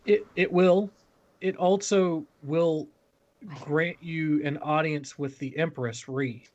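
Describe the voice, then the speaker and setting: A man leads a tabletop game as its game master, his voice sitting slightly high for a man. He talks in a relaxed, dry way and teases his players now and then. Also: slow pace, dull audio. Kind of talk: running a tabletop game on a livestream.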